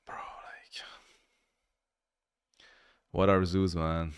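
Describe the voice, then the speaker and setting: A man's voice: deep voice, little pitch movement, extremely slow, clear, resonant tone. A man giving blunt, critical reaction commentary in a casual way, swearing freely. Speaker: video reviewer.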